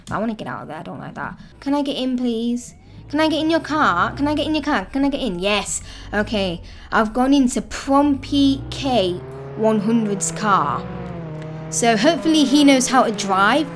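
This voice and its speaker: A fairly high-voiced woman giving casual let's-play commentary. Her pitch leaps all over the place as she chats and thinks aloud, quick to get excited. A faint hum of background noise sits under her voice. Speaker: gaming video host.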